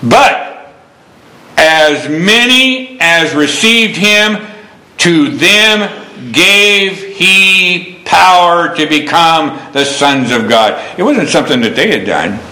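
Folksy preacher with an echoey bright voice. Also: male voice, fairly high pitch, animated, slow. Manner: folksy preaching with Bible quotations and stories. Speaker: pastor. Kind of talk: sermon.

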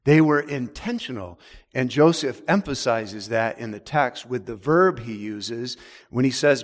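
Emphatic preaching man, long hall reverb. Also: animated. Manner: emphatic preaching, drops to low, slow words for stress. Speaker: pastor. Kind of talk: sermon.

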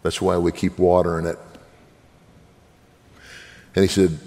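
Man, minister, earnest testimony; deep, rough voice in a reverberant church. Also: level tone, normal speed, pauses often, darkish tone. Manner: earnest, preaching, direct appeals to listeners. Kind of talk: sermon testimony.

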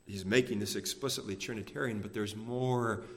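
A man preaching a sermon to his congregation, measured and emphatic, slowing down to stress key phrases. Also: lowish voice, fairly even intonation, a bit bright. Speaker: pastor. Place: church sanctuary. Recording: long reverb of a church hall.

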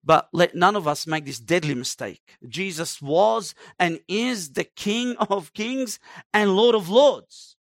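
Male preacher, high-pitched, emphatic sermon delivery, dry close recording. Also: a bit bright, no echo. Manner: emphatic, dramatic preaching with acted-out quotes.

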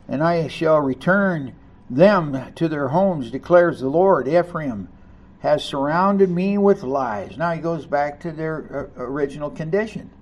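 A man preaching a sermon, reading scripture aloud and commenting on it, rising to loud emphasis on key lines. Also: a little high. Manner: reads scripture aloud and comments between passages.

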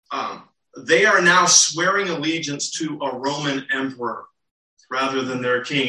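A man's voice: fairly high pitch, pushed and bright. A man preaching a sermon, teaching earnestly with rhetorical questions to the congregation. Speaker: pastor. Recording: roomy and distant.

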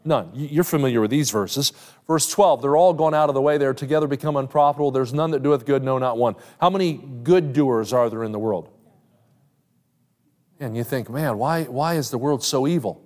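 In a church with long hall reverb, a middle-aged man preaches a sermon in a brisk, slightly mellow mid-range voice. He teaches step by step and poses questions to the congregation.

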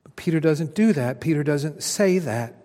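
A man's voice: fairly high pitch, animated, moderate pace, dark tone. Emphatic preacher man in a reverberant hall. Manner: emphatic, dramatic preaching with rises and drops. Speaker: pastor. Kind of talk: sermon.

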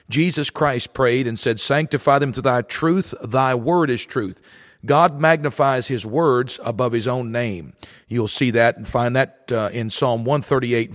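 Male radio pastor, earnest sermon delivery, mid-pitched voice, long reverb on the recording. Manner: earnest preaching with old-style scripture phrasing; occasional throat clearing and filler.

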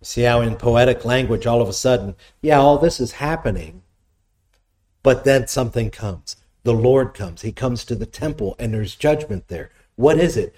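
A man's voice: on the low side, normal speed, darkish tone. A man preaching a sermon, teaching in a conversational way, reading scripture aloud and putting questions to his listeners. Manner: reads scripture aloud between explanations. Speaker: pastor.

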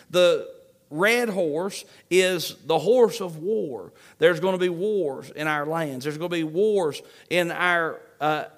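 A man preaching a sermon, emphatic and repeating key phrases to his congregation. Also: fairly high pitch.

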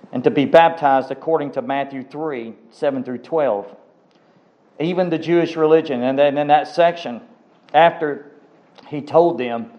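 A man's voice: a little high, rough recording. Emphatic male preacher. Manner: emphatic, repeats words for stress. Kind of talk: sermon.

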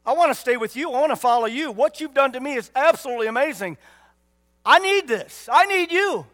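A man preacher voicing a grateful healed man who eagerly pleads to follow, pitched high and loud. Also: lively intonation, brisk. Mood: eager pleading.

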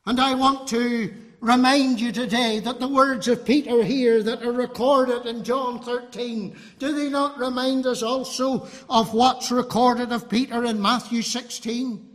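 High-voiced, fervent male preacher. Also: fairly even intonation, measured pace, few pauses. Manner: fervent, emphatic, appealing to the listener. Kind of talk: sermon. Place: congregation hall. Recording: long hall reverb.

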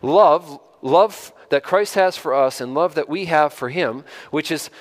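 A man preaching to his congregation with a voice pitched a little above the usual male range. He talks plainly and conversationally, often restating a word or two. When he makes a point, his voice climbs and lands on emphatic stresses. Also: measured pace. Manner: asks the listeners direct questions. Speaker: pastor. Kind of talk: sermon.

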